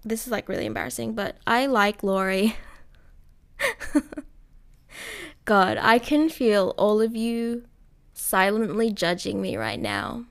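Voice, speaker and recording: A woman's voice: medium pitch, sing-song, measured pace, creaky, long pauses. A young woman giving casual, gushing film commentary, giggling and talking straight to her viewers. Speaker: film vlogger.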